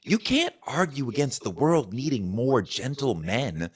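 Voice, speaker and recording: A man, a talk show host, calmly explaining in a measured, storytelling way. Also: medium pitch, breathy edge. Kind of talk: explanatory video commentary.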